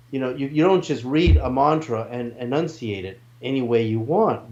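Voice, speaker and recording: A man's voice: mid-range voice, a little mellow, highs cut off. A man in an interview, earnestly explaining his ideas with restarts and asides. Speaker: interview guest, researcher.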